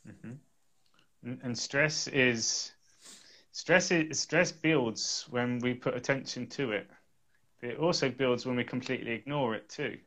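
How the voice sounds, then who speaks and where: A man's voice: mid-range voice, unhurried, sharp tone. A man co-hosting a live stream, talking casually and hesitantly while reading out viewer comments. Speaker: co-host.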